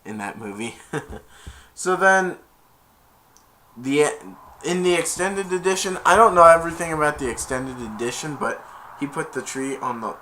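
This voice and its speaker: A young man recaps a film's plot in a loose, rambling way, as an amateur reviewer. His pitch swoops all over and his voice is bright. He keeps breaking into loud, high voices for the characters. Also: lively intonation, normal speed, long pauses, a little hiss or hum. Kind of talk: casual plot retelling.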